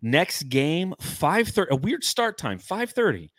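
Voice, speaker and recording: Lively-voiced male sports podcast host. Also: on the high side, unhurried, dry recording. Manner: loose and profane. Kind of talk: casual sports podcast chat.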